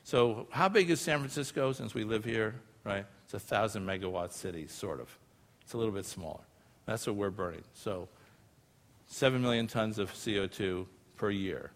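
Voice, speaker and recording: A man with a somewhat low voice gives a public science lecture to a live audience. He explains things in a loose, conversational way, checking in with tag questions as he goes. The sound carries a long reverb from a large hall. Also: normal speed. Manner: casual and explanatory, often using filler phrases and tag questions. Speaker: lecturer presenting research.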